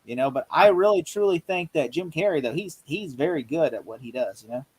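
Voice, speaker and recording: Excitable man with a higher voice. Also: slightly rough, poor audio. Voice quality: excitable, rambling, quick to act out quotes. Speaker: podcast co-host. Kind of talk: casual movie review chat.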